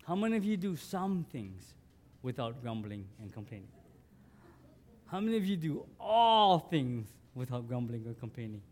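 A man's voice: medium pitch, very animated, normal speed, darkish tone. A man preaching a sermon as pastor, conversational, asking his congregation questions and building to emphatic lines.

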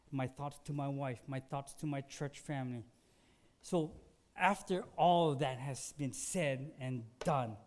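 A pastor delivers a sermon as a personal story, his voice sitting a little high for a man. He talks casually, then drops to near-whispers and builds to emphatic peaks. He is still sore after surgery. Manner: conversational storytelling, swings from hushed to emphatic.

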